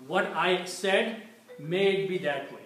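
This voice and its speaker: A man teaching an Arabic lesson, speaking slowly and repeating key words patiently. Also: high-pitched, fairly bright tone, faint music behind. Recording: very echoey room, distant mic, faint noise.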